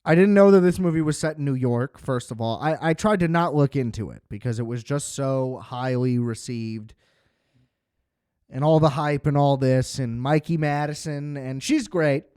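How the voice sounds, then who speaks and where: Brief: man, casual profane film reviewer, smooth voice, dry close sound. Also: medium pitch, normal speed, a little mellow, dry recording. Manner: rambling, profane, filler-heavy. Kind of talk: casual spoken movie review.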